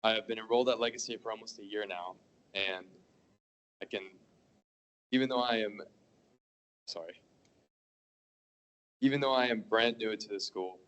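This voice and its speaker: A teenage high school student speaks earnestly at a school board meeting. His voice is fairly low, and he often stumbles and restarts his sentences. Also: fairly bright tone, poor audio. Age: teens. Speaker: student giving public comment. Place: meeting hall.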